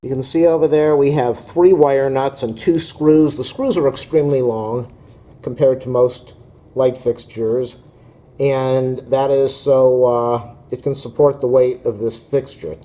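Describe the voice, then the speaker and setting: A man with a mellow, darker-toned voice walks through a do-it-yourself how-to in a loose, rambling way. He leans on fillers as he goes, and his pitch sits in an ordinary middle range. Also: fairly even intonation, a little slow. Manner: casual, rambling, with frequent fillers. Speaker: DIY video host. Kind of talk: home improvement how-to.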